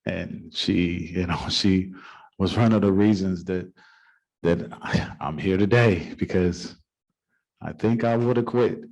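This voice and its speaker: Deep-voiced folksy middle-aged man. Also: slow, creaky, darkish tone. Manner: folksy, informal. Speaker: city council member. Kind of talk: anecdotal storytelling at a public meeting. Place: city council chamber.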